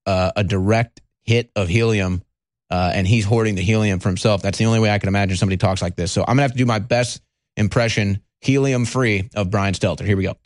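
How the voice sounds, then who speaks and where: A man's voice: fairly low pitch, steady tone, fast, no echo, studio quality. A man hosting a talk show, giving rambling, conversational political commentary and speaking straight to his audience.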